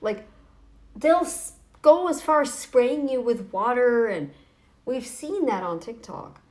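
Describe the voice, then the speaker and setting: A snarky woman vlogger talking straight to camera, her voice sitting a little on the high side. She rambles through restarts and fillers in a loose, taunting, casual way. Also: lively intonation, slow, a little mellow. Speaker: YouTube vlogger. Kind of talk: casual talking-head vlog.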